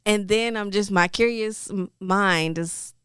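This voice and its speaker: A woman's voice: medium pitch, slow pace, fairly bright tone, clear, resonant tone, no room sound, studio quality. A woman guesting on a podcast, chatting candidly in loose, trailing phrases with giggles. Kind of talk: casual chat.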